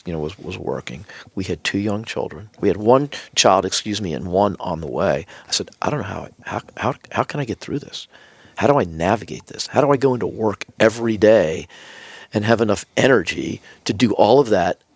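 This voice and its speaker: Male interview guest, lowish gravelly voice, animated storyteller, dry close mic. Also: brisk, no room sound. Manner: animated storyteller acting out quoted dialogue. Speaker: podcast guest, business executive.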